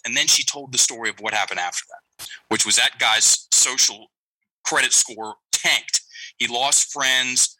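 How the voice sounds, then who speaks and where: Animated storytelling man, bright dry voice. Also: medium pitch, normal speed, dry recording, poor audio. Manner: animated storyteller, acts out quoted lines. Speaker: guest, breathing and language coach. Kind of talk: storytelling interview talk.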